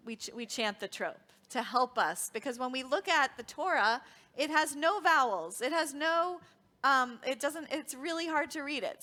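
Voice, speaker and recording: In a synagogue sanctuary, a woman with a high, sharp voice leads a children's worship service as song leader. She cheerfully quizzes the kids and teaches them along the way.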